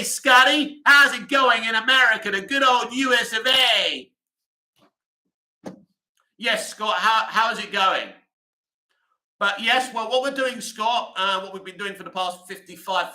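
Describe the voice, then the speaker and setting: A man's voice: sits high, pushed and bright, echoey room, low-quality recording. A man hosting a casual livestream, rambling chattily with lots of "you know" fillers as he answers viewer comments. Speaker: livestream host.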